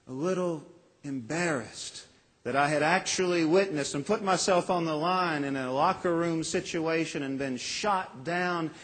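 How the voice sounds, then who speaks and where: Pastor preaching in a reverberant hall. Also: male voice, on the high side. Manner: earnest preaching with dramatic pauses and acted quotes. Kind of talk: sermon.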